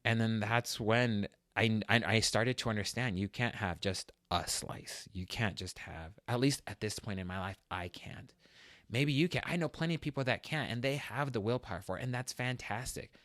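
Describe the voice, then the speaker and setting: A man's voice: lowish voice, moderate pace, no echo, studio quality. A man hosting a fitness talk show, speaking earnestly and personally, getting worked up as he tells his own story. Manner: earnest and emotional, gets loud and worked up retelling a struggle. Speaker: fitness podcast host.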